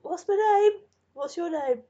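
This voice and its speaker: A shrill, chirpy phone-in caller, put on by a man in a very high falsetto. The voice sounds hesitant and sing-song, with a mellow, soft timbre. The home recording is dull and lo-fi. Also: measured pace.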